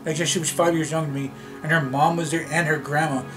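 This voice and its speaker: A man from Canada telling a personal story to his camera in a rambling, halting way, with many restarts. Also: a little high, fairly even intonation, rough recording. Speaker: vlogger. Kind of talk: casual storytelling vlog. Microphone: camera mic. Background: background music.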